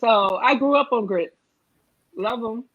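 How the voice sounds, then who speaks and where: A woman's voice: fairly high pitch, measured pace, a bit bright, dull audio. A woman with a New Jersey accent, a political candidate on an online panel, speaking earnestly and emphatically and often asking "right?".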